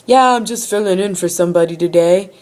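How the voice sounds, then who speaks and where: A woman's voice: lowish voice, brisk, darkish tone, natural voice. Woman voicing a casual towing clerk guy. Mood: offhand. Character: casual young male towing lot clerk.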